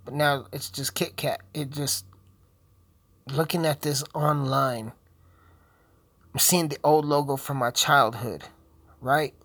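A young man who is high, rambling through casual commentary while swearing and joking constantly. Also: steady tone, slow pace, long pauses, a bit bright, no echo. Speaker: video host.

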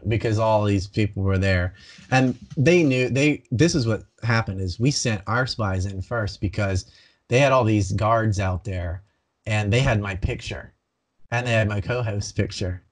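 A man guest in a casual interview, telling his story in an animated, rambling way with many restarts. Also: on the low side. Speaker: banned video creator.

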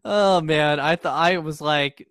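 A man co-hosting a podcast, chatting casually in a relaxed, hesitant way with many fillers. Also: fairly high pitch, takes it slowly, clear, resonant tone, no echo. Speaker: podcast co-host. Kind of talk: casual chat.

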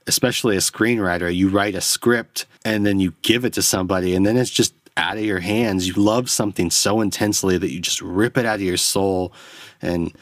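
A man's voice: sits low, no echo. A man hosting a podcast alone, rambling through a profane, self-deprecating film review into a close microphone. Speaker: podcast host. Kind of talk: solo film review rant.

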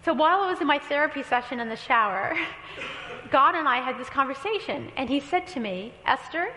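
Woman, pastor, sermon storytelling, light humor, high voice, echoey hall. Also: lively intonation, brisk, bright, forceful tone, slight background noise. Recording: echoey hall with long reverb.

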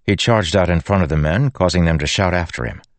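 A man reading an audiobook in a measured, even scripted narration. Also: low-pitched, no room sound.

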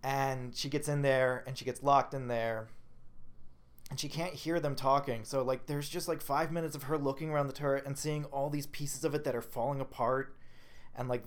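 A man co-hosting a podcast, chatting casually and retelling a film's scenes with excited, rambling enthusiasm. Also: mid-range voice, moderate pace. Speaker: podcast co-host. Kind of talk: casual movie review chat.

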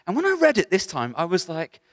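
A man's voice: high voice, huge pitch swings, quick pace, a bit bright, dry recording. Conversational male preacher, dry sound. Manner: conversational, emphatic, with many restarts. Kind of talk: sermon. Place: church gathering.

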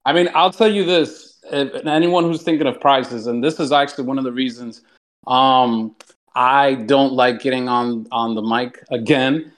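A man's voice: medium pitch, fairly even intonation, moderate pace. A man chatting on a community voice call, rambling and filling his talk with "like" and "you know". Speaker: community member offering giveaways. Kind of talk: casual chat on a community voice call. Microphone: online voice call.

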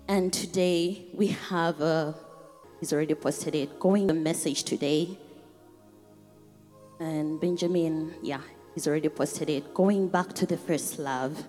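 A woman's voice: sits low, measured pace, dark tone. A woman preaching a sermon, reading scripture aloud unhurriedly and rising into fervent prayer. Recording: long hall reverb with faint music.

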